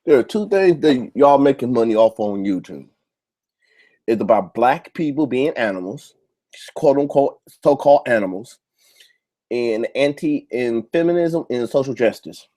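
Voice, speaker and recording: Man, show host, angry rant, swears a lot, repeats himself, warm dark tone. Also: mid-range voice, expressive, moderate pace. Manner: heated, profane, repetitive. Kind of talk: ranting monologue to camera.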